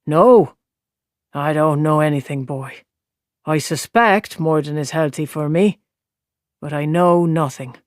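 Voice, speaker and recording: A man voicing a weary, drunk old gleeman in an audiobook, low and murmuring. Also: slow, pauses often, no room sound, clean studio sound. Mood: wry. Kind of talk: audiobook character voice.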